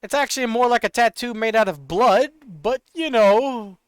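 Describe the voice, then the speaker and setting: A man streaming a video game, joking and reacting excitably in casual commentary. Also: very high-pitched, normal speed, clear, resonant tone, no echo. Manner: excitable, joking, laughs often.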